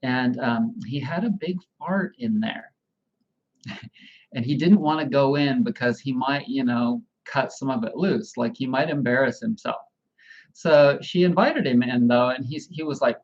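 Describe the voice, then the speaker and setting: A man's voice: medium pitch, measured pace, lo-fi sound. Rambling man chatting on a livestream. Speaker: livestream host. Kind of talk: casual livestream chat.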